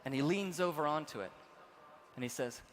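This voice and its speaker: A young man giving a storytelling keynote speech to a conference audience in a large hall, going from quiet narration to shouted excitement. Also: on the high side, normal speed, a little hiss or hum. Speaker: keynote speaker. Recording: reverberant hall with faint ambience.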